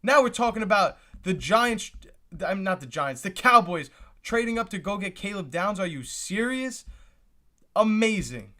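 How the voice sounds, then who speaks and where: A young man hosts a live reaction stream, full of exclamations and repeated lines. His voice sits high for a man and has a bright, forward edge. He keeps turning to talk to his chat. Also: very animated, moderate pace. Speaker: livestream host reacting to the draft.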